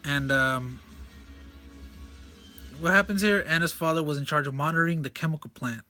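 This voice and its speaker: Enthusiastic rambling man, bright voice. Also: on the high side, moderate pace, dry recording, faint music behind. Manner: enthusiastic, rambling, self-correcting. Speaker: comic reviewer. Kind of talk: casual comic walkthrough.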